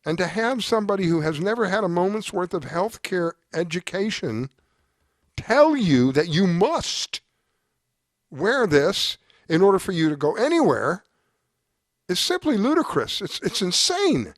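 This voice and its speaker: A man's voice: high voice, very animated, moderate pace, dry recording, clean studio sound. A man hosting a talk show, delivering an exasperated, emphatic commentary monologue with lots of repetition. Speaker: show host.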